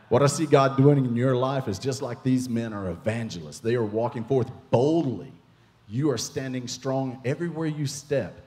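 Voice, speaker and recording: A guest minister with a medium-pitched male voice leads prophetic ministry during a church service in a reverberant sanctuary. He's playful and excitable, joking with the congregation.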